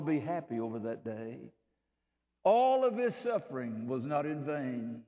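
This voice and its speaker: A man with a Southern US accent preaching a sermon as pastor, swinging between loud, fervent build-ups and low, quiet passages. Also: sing-song, unhurried. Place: church sanctuary. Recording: reverberant church hall.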